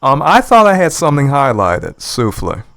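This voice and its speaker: A man's voice: medium pitch, wildly swooping pitch, moderate pace, vocal fry, fairly bright tone, no room sound. A man giving an indignant, sarcastic reaction commentary, repeating his points for emphasis. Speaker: YouTube commentator. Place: lives in the United States.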